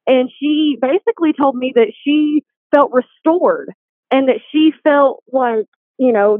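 A woman, a guest telling her faith testimony in an earnest, animated way. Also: high-pitched, no echo. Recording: dry, tinny phone line.

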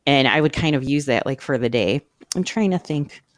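Host, casual chat, rambling and animated, mid pitch, very dry close recording. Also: moderate pace, no echo. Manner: chatty, rambling, animated storyteller.

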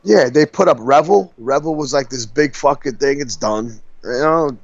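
This male podcast co-host has a gravelly, medium-pitched voice at a moderate pace, telling stories with profanity and laughter in a loose, chatty way. There's no room sound, and the audio is dull, dry, and lo-fi.

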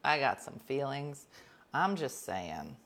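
A woman hosting a casual chat, telling rambling stories with quick whispered asides. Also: extremely low pitch, very animated, fairly bright tone.

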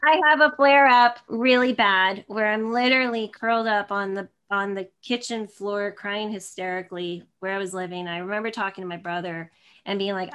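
A woman's voice: mid-range voice, steady tone, moderate pace, a bit bright, clear, resonant tone. A woman in her thirties, a guest in an interview, telling a personal story in a rambling way with many restarts and fillers.

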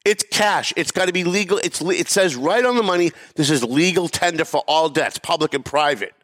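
A man's voice: a little high, fairly quick, fairly bright tone, dry recording, studio quality. A middle-aged man hosting a talk show, telling a heated story with emphatic swearing and mimicked voices. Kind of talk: animated storytelling rant.

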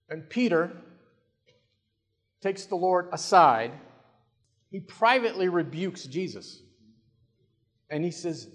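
A man preaching a sermon, telling a story in scenes with dramatic swings in loudness and dry jokes. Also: on the high side, lively intonation, measured pace, long pauses. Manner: dramatic, humorous, varies loudness. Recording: long reverb of a large hall.

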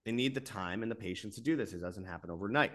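This alternative media host speaks fast in a fairly bright, lowish voice, grinding through a frustrated, repetitive monologue on his own channel that keeps erupting into bursts. Afterward, he reads the sponsor spots.

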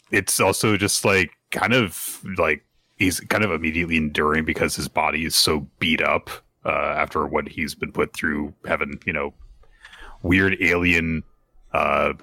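A man with an extremely deep voice and a bright, forceful edge to it talks over a manga chapter on a podcast. His delivery is reflective and rambling, and the sound is dry and close with no room behind it. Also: fairly even intonation, a little slow, no room sound. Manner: thoughtful, rambling with fillers. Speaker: podcast co-host. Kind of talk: casual manga discussion.

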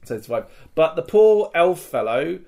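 A man, a podcast host telling a live-action role-play story in casual chat, swearing, laughing and acting out shouts. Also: on the high side, sing-song, unhurried, gravelly. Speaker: podcast host recounting a LARP event.

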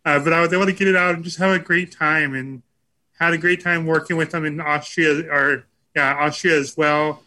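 A man's voice: on the high side, fairly even intonation, moderate pace, sharp tone. A man telling his personal story in an earnest, heartfelt way on a video call panel. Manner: earnest, heartfelt storytelling, acting out quoted dialogue. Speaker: panel speaker, Special Olympics athlete and former sports commentator.

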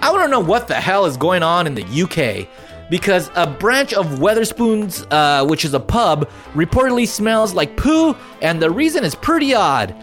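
A man hosting a casual comedy podcast, excitable and quick to swear. His voice sits high and leaps all over as he reads odd news stories. A light bed of music plays faintly beneath. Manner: excitable, swears, goofy asides. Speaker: podcast co-host.

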